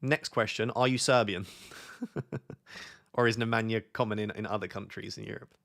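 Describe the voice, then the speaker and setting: Chatty British man with a gravelly low voice. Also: steady tone, moderate pace, a bit bright. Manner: chatty, reads chat questions aloud. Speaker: streamer host. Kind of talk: casual live-stream chat.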